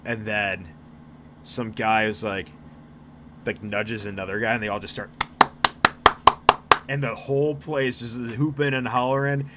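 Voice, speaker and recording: A man's voice: lowish voice, steady tone, a little slow, pauses often, heavy background noise. A man narrating and running a tabletop role-playing game as game master, casual, with frequent restarts and swearing.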